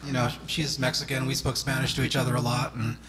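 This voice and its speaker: A man speaking as pastor in a church, sharing memories softly and reflectively, with many fillers. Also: mid-range voice, flat delivery, quick pace, a crowd in the background. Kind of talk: eulogy-style sharing from the pulpit. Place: church sanctuary. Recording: live church stream with music behind. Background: guitar playing.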